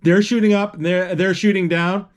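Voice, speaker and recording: A man retelling a film scene by scene in an unscripted, halting way, with many restarts and spoken sound effects. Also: sits high, fairly even intonation.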